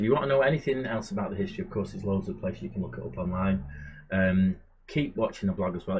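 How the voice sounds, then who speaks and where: Low-voiced and recorded with faint hiss or hum, this gamer and channel host talks through a management game in a relaxed, chatty way, muttering little asides to himself.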